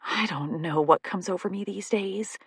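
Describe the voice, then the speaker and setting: A woman narrating a romantic comedy audiobook in first person, expressive and comic. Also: medium pitch, normal speed, husky, dry recording, studio quality.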